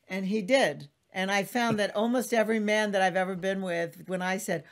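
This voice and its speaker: A woman's voice: mid-range voice, moderate pace. A woman hosting a podcast in casual conversation, effusive and emphatic, acting out quotes in a raised voice. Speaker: podcast host.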